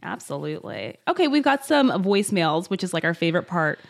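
Lower-voiced woman podcast co-host. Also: big pitch swings, a little fast, creaky. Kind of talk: casual chat.

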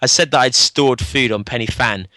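Man, bright animated storyteller. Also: mid-range voice, moderate pace, dry recording. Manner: animated, acts out quoted dialogue in raised voice. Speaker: podcast co-host and former reality show contestant. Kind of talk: casual storytelling chat.

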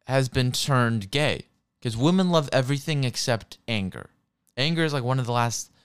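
Twenties male, profane ranter, smooth resonant voice, dry close mic. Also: mid-range voice, a bit bright, no room sound. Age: 20s. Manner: crude, swearing, worked-up ranting. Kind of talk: profane comedic rant.

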